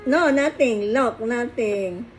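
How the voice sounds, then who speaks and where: A woman's voice: a little high, slow, a little hiss or hum, low-quality recording. A woman with a Filipino accent soothing and coaxing her cat in baby talk while she trims its nails, switching between two languages. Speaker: pet owner cutting her cat's nails. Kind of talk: casual talk to a pet.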